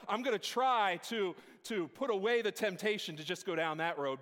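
A man preaching a sermon to a church congregation. He calls out questions for the congregation to answer and builds up to shouting. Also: sits high. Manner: preaching with call-and-response, rising to shouts. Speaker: pastor. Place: church sanctuary. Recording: long hall reverb in a church.

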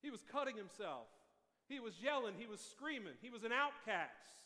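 High, bright-voiced preaching man. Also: very animated, normal speed. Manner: impassioned, rhetorical preaching that builds to shouts. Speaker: pastor. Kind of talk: sermon. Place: church sanctuary during a morning service. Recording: echoey, reverberant hall.

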